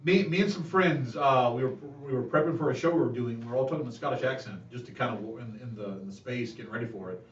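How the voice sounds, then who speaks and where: A man's voice: medium pitch, quick pace. Southern man, echoey room, far from mic. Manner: rambling, chatty, laughs often. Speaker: dungeon master. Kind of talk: casual chat between game sessions. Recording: dull, echoey room audio from a distance.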